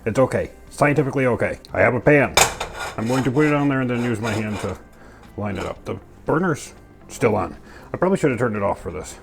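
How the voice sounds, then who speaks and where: A man's voice: medium pitch, animated, fast talker. Goofy man narrating his home cooking. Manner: goofy, chatty, playful sound words. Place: home kitchen. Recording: music clearly under the voice. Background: music and clattering pans.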